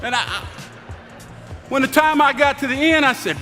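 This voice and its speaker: Give me an excitable man with a very high, bright voice, exclaiming as he tells a story. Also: moderate pace, in a large hall, faint music behind. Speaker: former coach, interview guest. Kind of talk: casual anecdote telling.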